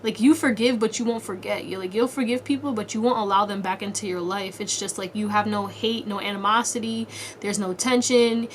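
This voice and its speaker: There's slight background noise as a tarot reader talks fairly quickly in a steady, mid-range voice. Her casual pick-a-card reading is slangy, blunt, and full of swearing, aimed straight at the viewer in second person.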